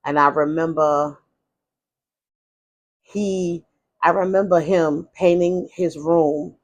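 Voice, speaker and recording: Through a muffled recording, a woman vlogger with a deep voice speaks slowly and with fairly even intonation. She confides her life story candidly, rambling and frank, with many restarts and asides.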